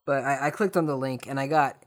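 Young man, podcast host, sarcastic comic rant, swears a lot, mutters then yells. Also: medium pitch, a little fast. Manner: sarcastic, swears freely, swings from mutters to loud outbursts. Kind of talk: comedic storytelling rant.

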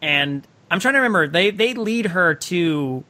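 Woman co-host, casual movie chat, bright tone, playful, laughs easily. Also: lowish voice, lively intonation, moderate pace. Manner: chatty, laughs often, acts out characters' lines. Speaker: podcast co-host.

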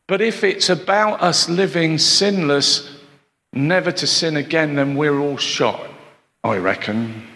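Gravelly preacher in a reverberant hall. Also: male voice, on the high side, pushed and bright. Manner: conversational, asides and rhetorical questions to the congregation. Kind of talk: sermon.

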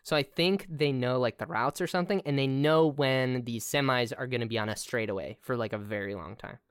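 A woman co-hosting a casual movie podcast, relaxed, agreeing easily and laughing quietly. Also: very deep voice, a little fast, clean tone, dry recording, studio quality. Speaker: podcast co-host. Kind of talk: casual movie-review chat.

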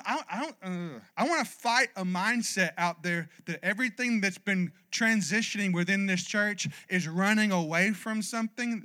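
A man preaching a sermon as pastor, emphatic and passionate, calling for "amen" from his congregation. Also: sits high. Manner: builds to loud, passionate exhortation.

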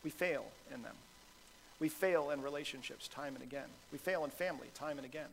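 A man's voice: a little high, fairly quick, gravelly, a little hiss or hum, poor audio. A man, a pastor with a son, preaching a sermon in a conversational, self-deprecating style full of fillers and restarts.

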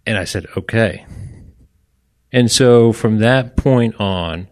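A man's voice: on the low side, unhurried, darkish tone. A man from Orlando telling a personal story on stage to a live audience, chatty and self-deprecating, with apologetic asides. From Orlando, Florida. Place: live stage event in a bar venue.

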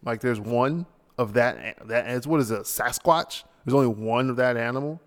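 A man's voice: mid-range voice, normal speed, in a large hall. A man hosting a solo podcast, ranting casually and sounding tired late at night. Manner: casual, ranting, tossing in mock voices. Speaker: podcast host.

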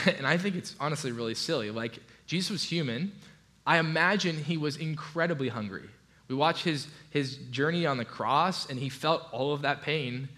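A man preaching a sermon in a relaxed, conversational way, with frequent restarts and light asides. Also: a little high, normal speed. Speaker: pastor.

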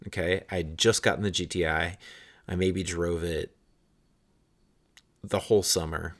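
A man's voice: deep voice, steady tone, unhurried, fairly bright tone. A man in his thirties telling a casual, rambling anecdote with frequent restarts and some swearing.

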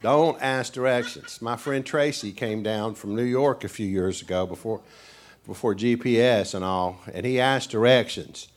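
A man's voice: mid-range voice, normal speed. Male pastor, East Tennessee mountain accent, folksy joking sermon delivery, mid-range voice. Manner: folksy, joking, chuckling storyteller. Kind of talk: humorous sermon to a congregation.

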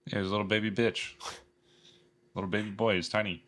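Brief: low, bright-toned man, podcast host, jokey and teasing. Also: flat delivery, fast talker. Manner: joking, teasing. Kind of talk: casual chat.

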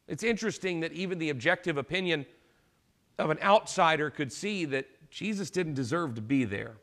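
A man's voice: high voice, sharp tone. A man preaching a sermon, explaining scripture in a conversational way and acting out short paraphrased lines.

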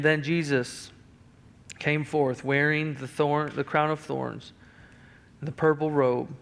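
Man, pastor, sermon, higher-pitched voice, emphatic preaching, reads scripture aloud. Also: a little slow, vocal fry, fairly bright tone. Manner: emphatic preaching that rises in pitch and volume, with restarts; reads scripture aloud in King James wording.

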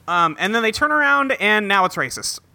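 A man's voice: sits high, big pitch swings, brisk, over a noisy crowd. A man co-hosting a casual podcast, recapping a cartoon episode with jokes and frequent fillers. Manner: joking, hedges with fillers like um and anyway. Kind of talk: casual chat.

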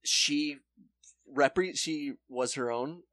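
Animated male podcast storyteller, dry close mic. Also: fairly high pitch, very slow, no echo. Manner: animated storyteller acting out quotes. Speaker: podcast co-host. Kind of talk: casual chat, retelling a true crime show.

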